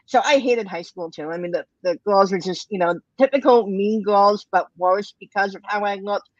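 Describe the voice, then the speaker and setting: A woman recounting her experiences in a candid, reflective way, at a middle pitch. The sound is dry and a little dull, with no room echo. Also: moderate pace. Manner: candid, reflective, with occasional soft laughs. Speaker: guest. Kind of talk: personal testimony in conversation.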